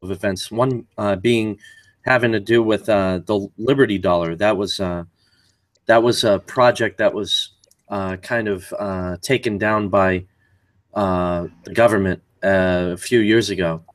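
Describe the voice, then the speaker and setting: A man with a low voice hosts a relaxed live chat, pausing often with "uh." His sound is close and dry, with no room around it. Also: no room sound. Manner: laid-back, hesitant, many fillers. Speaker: show host. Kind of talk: casual live show chat.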